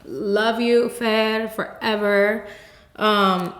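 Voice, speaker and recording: A woman's voice: medium pitch, fairly even intonation, drawn-out words, a bit bright. A young woman hosting a podcast, telling her own story in a candid, emphatic way, full of "like" fillers and blunt swearing. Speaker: podcast host. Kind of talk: personal testimony, casual storytelling. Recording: roomy echoey recording.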